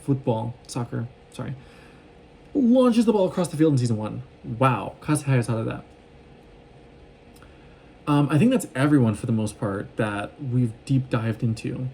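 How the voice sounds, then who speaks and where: Guy rambling thru a show recap on his phone, talks fast, lots of likes and ums, warm low-key tone. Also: lively intonation, vocal fry, slightly rough. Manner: fast, rambling, with many fillers and restarts. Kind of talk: casual excited recap.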